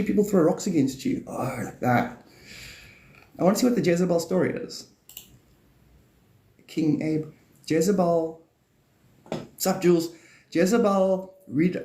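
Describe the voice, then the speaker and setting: Male streamer, rambling and profane, laughs a lot; higher voice, mellow tone, roomy echo. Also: a little slow, long pauses. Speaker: live stream host. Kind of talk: rambling casual live-stream chat.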